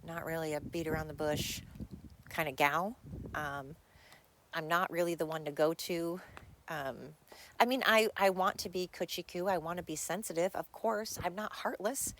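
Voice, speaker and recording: A woman's voice: on the low side, normal speed, a bit bright. A woman hosting her own podcast, talking bluntly and candidly in a rambling solo monologue. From United States. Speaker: podcast host.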